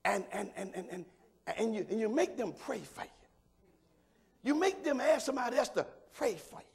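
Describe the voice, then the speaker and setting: An older man preaches a sermon in a high, husky, gravelly voice. He drops to low murmurs and climbs to shouts, and he calls questions out to the congregation. His pitch moves a lot. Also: expressive, moderate pace. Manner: call-and-response asides to the congregation. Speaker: pastor.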